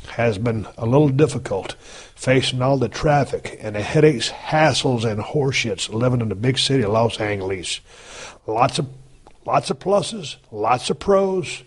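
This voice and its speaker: A man's voice: medium pitch, husky. A man in his fifties hosting a podcast, talking in a casual, blunt and heavily profane folksy monologue. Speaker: podcast host.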